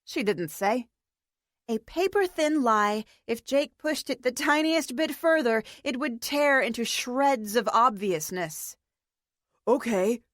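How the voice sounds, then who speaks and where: A woman narrating an audiobook in a measured, deliberate reading. Her voice sits a little high and her pace is slow, and the sound is close and completely dry with no room around it. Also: lively intonation, fairly bright tone, no room sound. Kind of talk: scripted narration.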